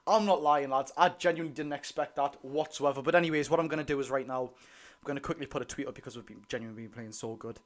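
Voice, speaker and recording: A man with a Geordie accent chatting excitedly to his viewers during a live football watch-along. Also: mid-range voice, fast. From North East England. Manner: chatty, excitable, keeps addressing the lads. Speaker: football fan streamer.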